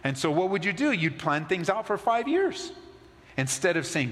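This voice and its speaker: Male pastor, slightly high voice, conversational sermon that sinks soft for emphasis, reverberant sanctuary. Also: very animated, normal speed. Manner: conversational preaching, drops low and soft for emphasis.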